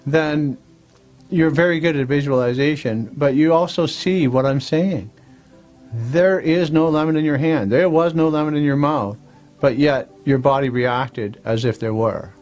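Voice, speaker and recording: A man's voice: fairly high pitch, darkish tone. Coaxing man giving a self-help talk. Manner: coaxing, repetitive, checks in with "all right?". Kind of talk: motivational talk to camera.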